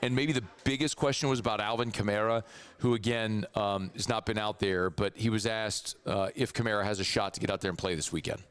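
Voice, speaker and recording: A hoarse man with a Southern accent hosting a sports radio show, chatty and rambling. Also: on the low side, steady tone, a little fast, a bit bright. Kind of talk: casual sports radio talk. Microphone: studio microphone.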